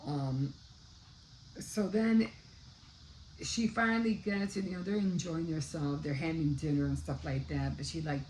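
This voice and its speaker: A woman's voice: deep voice, a little mellow, slight background noise, poor audio. An older woman casually retelling a book's plot in a rambling way, often stopping to search for words. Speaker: book vlogger. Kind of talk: casual book recap.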